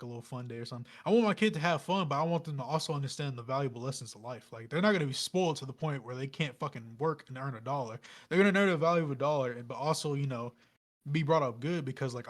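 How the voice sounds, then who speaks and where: Relaxed man, mid-pitched casual talk. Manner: relaxed, filler-heavy, with frequent "like". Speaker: podcast co-host. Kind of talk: casual chat.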